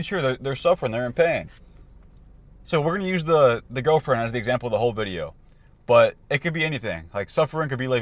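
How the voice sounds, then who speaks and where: A young man talking casually about handling life's ups and downs, loose and conversational with frequent restarts. His voice sits at an ordinary pitch. The sound is close and dry, with no room around it. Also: no echo. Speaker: self-improvement coach. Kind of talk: casual motivational talk to camera.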